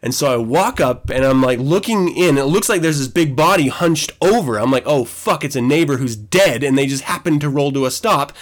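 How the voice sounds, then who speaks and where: Man, podcast host, casual storytelling, profane, animated, slightly high voice. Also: a little fast, few pauses. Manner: animated, profane, laughs while telling.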